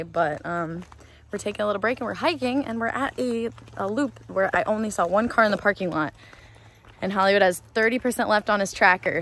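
A young woman who vlogs about vanlife chats casually to her camera while out on a hiking trail. Her voice is medium in pitch and a bit bright, and her talk is full of ums.

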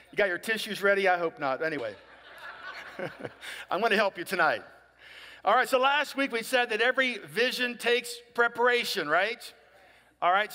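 A man preaching a sermon in a high, bright and forceful voice, chatty and direct, often checking in with his listeners. His voice rings through a large hall with a long reverb. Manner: conversational, asks "right?" often, acts out people in dialogue. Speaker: pastor.

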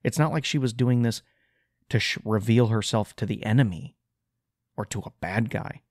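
A man's voice: medium pitch, moderate pace, darkish tone, no echo, clean studio sound. A man hosting a podcast, ranting in an exasperated, sarcastic way in casual solo commentary. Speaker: podcast host.

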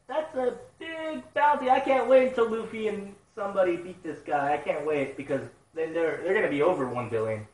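A man reading a manga chapter live and reacting with excited, profane outbursts. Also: high voice, brisk, few pauses. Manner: excitable, swears a lot, loud outbursts. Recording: roomy sound, mic at a distance.

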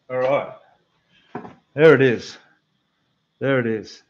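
A man with an Australian accent hosting a casual model-building livestream, chatting away to viewers in a slightly rough voice. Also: medium pitch, takes it slowly, pauses often, highs cut off, a little hiss or hum. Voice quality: rough, losing its depth. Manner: chatty, rambling, talks to the chat while building. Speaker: scale model livestream host. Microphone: desk microphone, quieter when turned away.

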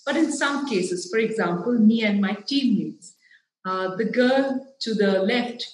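A woman with a South Indian English accent gives an earnest, emphatic talk, explaining step by step. Her voice sits at a middle pitch and rings through an echoey hall. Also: unhurried. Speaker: speaker giving a talk. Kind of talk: public talk.

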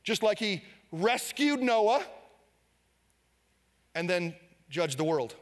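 A male pastor preaching an energetic sermon, leading the congregation in call-and-response. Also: sits high, slow pace, big-room sound. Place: church sanctuary.

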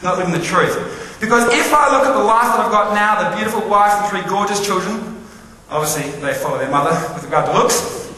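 Animated man in an echoey hall. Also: high voice, a little fast. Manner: animated, quizzes the audience. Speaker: motivational speaker. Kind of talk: live keynote talk to an audience. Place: large hall with live audience. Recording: echoey hall with long reverb, faint ambience.

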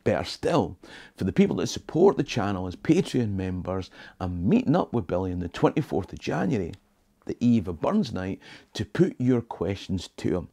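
Gravelly low-voiced Scottish man in his 60s. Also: big pitch swings, moderate pace, mellow. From Scotland. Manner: wry, joking storyteller sprinkling in Scots words. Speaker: history tour guide and channel host. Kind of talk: talking-head history video. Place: small home office.

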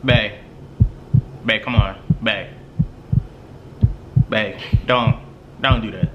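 A man's voice: fairly low pitch, fairly even intonation, extremely slow, muffled recording, heavy background noise, voice pushed down. A man playing a pleading, exasperated boyfriend.

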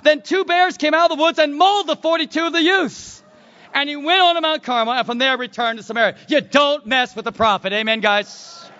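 High-voiced, dramatic male preacher. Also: brisk. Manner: dramatic storytelling, swinging from shouts to hushed tones. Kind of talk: sermon. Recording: dull lo-fi recording.

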